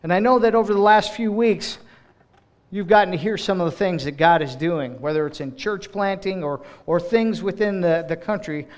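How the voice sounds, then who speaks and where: Guy preaching in church, kinda high voice, gets dramatic doing the quotes. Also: normal speed. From United States. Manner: expressive preaching, acts out voices in quotes, restarts often. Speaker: director of global partnerships speaking in church. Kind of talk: sermon.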